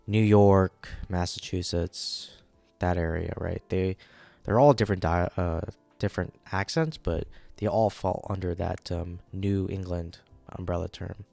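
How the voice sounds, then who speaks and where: A man's voice: low-pitched, vocal fry, mellow, dry recording. A man giving casual, rambling commentary on a manga during a live reading, often checking in with the audience. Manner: rambling, keeps checking in with "right?".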